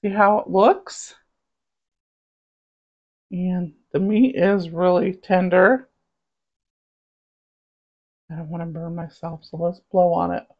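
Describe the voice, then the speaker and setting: Woman, light Southern accent, cooking vlogger, casual rambling chat, lowish voice, muffled lo-fi sound. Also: fairly even intonation, takes it slowly, pauses often. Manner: chatty, rambling, savoring food aloud.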